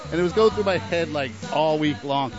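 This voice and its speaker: A man's voice: fairly high pitch, fairly quick. A young man from New Haven, Connecticut, hosting a radio show with rambling, jokey patter and bursts of singing along. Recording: dull lo-fi radio audio. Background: clear music.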